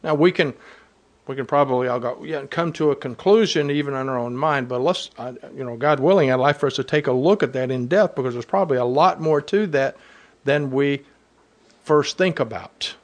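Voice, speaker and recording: A man's voice: mid-range voice, moderate pace. A man preaching a sermon to his congregation, reading scripture aloud and driving home points with earnest emphasis.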